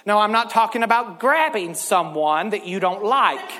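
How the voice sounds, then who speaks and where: A man preaching a sermon, telling stories with lively swings into loud shouts. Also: sits high, moderate pace. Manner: animated storytelling, bursts into loud shouts. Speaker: pastor. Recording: long hall reverb.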